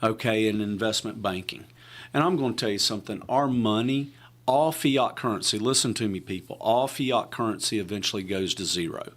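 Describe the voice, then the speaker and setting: A man's voice: fairly low pitch, brisk, fairly bright tone. A man with a Florida accent co-hosting a talk radio show, emphatic and rambling, with lots of restarts. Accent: Florida Southern. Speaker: radio co-host. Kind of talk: casual talk radio chat.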